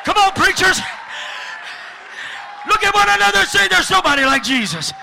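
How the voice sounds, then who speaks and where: Shouting high-voiced preacher. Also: male voice, big pitch swings, normal speed, creaky, slight background noise. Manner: shouting call-and-response with the congregation. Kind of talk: shouted revival sermon. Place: church hall before a congregation.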